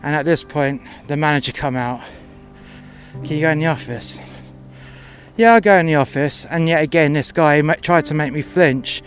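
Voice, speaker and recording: A man's voice: a little high, fairly even intonation, normal speed, soft background music. Blunt, profane man telling a story. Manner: crude, confrontational, acts out both sides of dialogue. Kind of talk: first-person storytelling.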